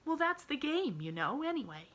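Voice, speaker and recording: A chirpy little girl bursting with eagerness, as a woman reads her aloud for a storybook. The voice is high and airy, with a bright, clear ring and a lilting, singsong swing. Bubbly and breathless, she rushes along, full of sunny delight. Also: big pitch swings. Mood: cheerful.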